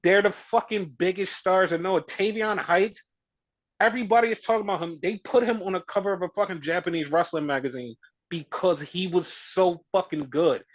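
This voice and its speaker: A man's voice: high-pitched, normal speed, no room sound, muffled recording. A man co-hosting a podcast, ranting heatedly and profanely, often mimicking fans. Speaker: podcast co-host. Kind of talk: casual opinion rant.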